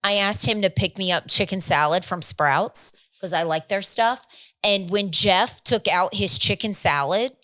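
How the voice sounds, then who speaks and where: Woman, thirties, podcast co-host, casual chat, animated storytelling, mid-pitched voice. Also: unhurried. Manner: animated storytelling with laughs and acted quotes.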